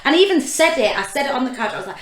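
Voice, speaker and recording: This is a young woman, chatting as a podcast co-host. Her pitch sits a little high and swings widely as she tells stories with lively expression, in an echoey room. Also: racing. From England. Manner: animated, expressive storytelling. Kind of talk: casual chat.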